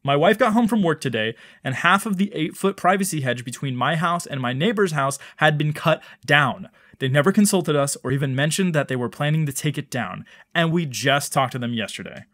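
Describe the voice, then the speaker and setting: A man's voice: fairly high pitch, lively intonation, fairly quick, fairly bright tone. Joking young man reading listener questions. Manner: jokey, reads listener letters, profane. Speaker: podcast co-host. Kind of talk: casual comedic advice podcast.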